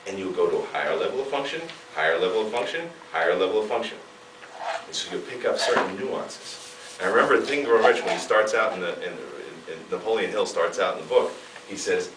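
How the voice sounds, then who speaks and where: A man giving an emphatic motivational seminar talk, swinging from loud bursts to hushed asides, heard from a distance in a large hall. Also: sits low, lively intonation, brisk, slight background noise. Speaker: seminar speaker.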